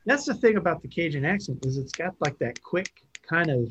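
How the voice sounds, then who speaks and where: A man in casual podcast chat whose pitch swings widely as he talks. He laughs a lot and slips into playful put-on voices, with a faint hiss under the recording. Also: animated, a little fast, fairly bright tone.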